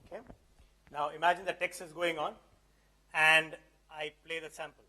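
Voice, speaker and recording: High-voiced man giving a live demo. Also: level tone, normal speed, pushed and bright. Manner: conversational, keeps checking the audience understands. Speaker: presenter. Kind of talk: live tech demo talk. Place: event hall.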